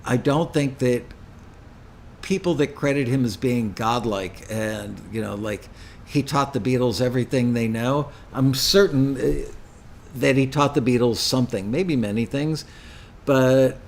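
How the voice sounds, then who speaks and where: A man's voice: mid-range voice, a little mellow, a little hiss or hum. An older man hosting a live question-and-answer show, answering chat questions with rambling, anecdotal stories. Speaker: host.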